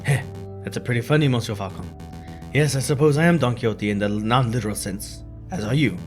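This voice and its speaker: A man's voice: medium pitch, brisk, faint music behind, close to an everyday voice. A man doing a suave scheming bird prisoner. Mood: storytelling. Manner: suave, theatrical, with a put-on foreign lilt. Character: smooth scheming male bird prisoner posing as a prince.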